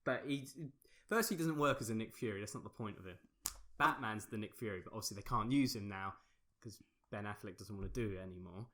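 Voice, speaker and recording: A man with a bright, forceful tone co-hosts a casual podcast chat. He talks eagerly and teases his friend as he runs through each news point. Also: on the low side, fast. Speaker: podcast co-host.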